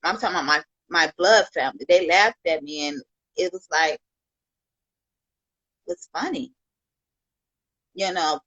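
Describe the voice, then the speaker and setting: A woman's voice: lowish voice, expressive, a little slow, long pauses, fairly bright tone, husky, dry recording, dull audio. A woman from Chicago on a livestream, talking with heartfelt, rambling thanks to her viewers and peppering her talk with "you know". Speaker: livestream host.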